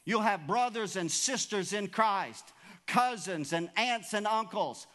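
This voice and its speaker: A pastor delivers an emphatic sermon, calling out to his congregation. His voice sits high for a man. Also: expressive, takes it slowly, bright, forceful tone. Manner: preachy, emphatic, calls out to congregation.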